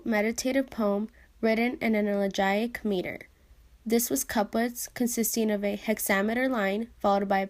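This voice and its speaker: A young woman giving an even, explanatory reading of a class presentation. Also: medium pitch. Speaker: student presenter.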